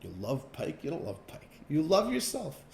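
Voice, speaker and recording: A male rabbi teaching an expressive class. His speech is emphatic and his voice rises and falls widely. The recording has a roomy echo. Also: on the high side, moderate pace, gravelly, a little hiss or hum. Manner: expressive, emphatic, pacing changes often. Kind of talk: animated lesson with storytelling.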